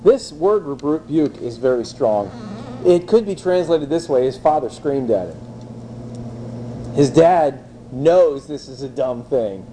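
A man preaching an expository sermon in a lively, conversational way, with wry, blunt asides. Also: mid-range voice, slow, slight background noise, low-quality recording.

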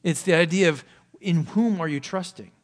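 At a moderate pace, a male pastor preaches a sermon full of rhetorical questions, shifting from loud emphasis to hushed, low asides.

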